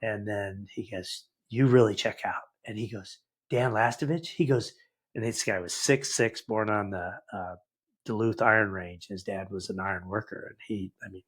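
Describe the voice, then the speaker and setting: A lowish, husky male voice in his sixties, a guest on a conversational podcast. He tells anecdotes with lively energy and slips into the voices of the people he quotes. The delivery is casual and sincere. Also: normal speed. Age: 60s. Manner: animated anecdotal, acts out quoted dialogue. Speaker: guest entrepreneur. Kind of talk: conversational storytelling.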